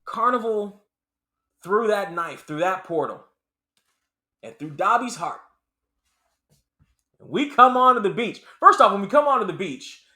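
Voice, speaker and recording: Brief: male reviewer, high and bright, swings hard in pitch, loves repeating lines for emphasis. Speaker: movie reviewer. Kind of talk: casual spoken movie review.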